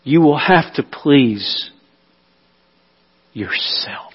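A man preaching in a reverberant church hall, his voice sitting a little higher than most men's. He swings from loud, emphatic preaching to hushed, near-whispered lines. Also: animated, drawn-out words, slightly rough, dull audio. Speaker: pastor. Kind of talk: sermon.

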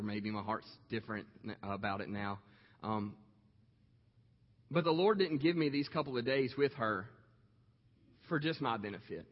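Pastor guy in his 30s telling a story in his sermon, slow with lots of um pauses, muffled recording. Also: medium pitch. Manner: slow, heartfelt, many "um" pauses. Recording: echoey hall, dull lo-fi sound.

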